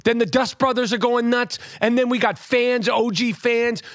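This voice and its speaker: Teasing New man with a high voice. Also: steady tone, dry recording, clean studio sound. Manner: teasing, rapid, loud New York banter. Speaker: podcast host. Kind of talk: casual podcast banter.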